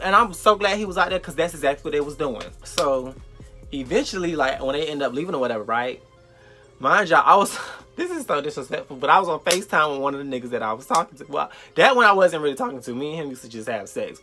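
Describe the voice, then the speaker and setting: Young male vlogger from South Florida, fairly high and bright, swearing and storytelling with slang over light music. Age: young adult. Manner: animated, profane storytelling with slang. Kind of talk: storytime vlog.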